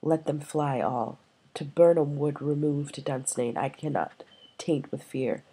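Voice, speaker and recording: A woman's voice: deep voice, unhurried, dark tone, slightly rough, exaggerated voice. A woman reading the lines of a furious, defiant king from a play aloud for a lesson, in a plain read-aloud style. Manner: reading Shakespeare verse aloud with rising emphasis.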